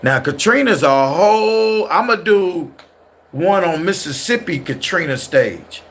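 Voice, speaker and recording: A man's voice: high-pitched, animated, measured pace, a bit bright, a little hiss or hum. A man with a California accent and Southern slang, hosting a casual livestream and talking loosely and ramblingly to his chat. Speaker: livestream host.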